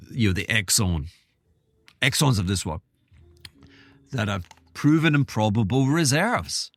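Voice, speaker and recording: A man's voice: on the low side, no echo. A man hosting his own podcast, talking in a rambling, self-interrupting way with wry asides. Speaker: podcast host. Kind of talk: casual solo monologue.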